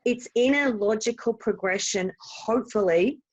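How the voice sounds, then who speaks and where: An Australian woman appears as a guest in a casual podcast interview, explaining things in a bubbly way and laughing easily. Her voice is fairly high-pitched at normal speed, though the audio quality is poor.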